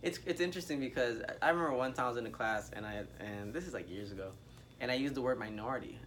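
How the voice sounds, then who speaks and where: A man's voice: medium pitch, rapid-fire, a bit bright, slight background noise. Candid man in casual discussion.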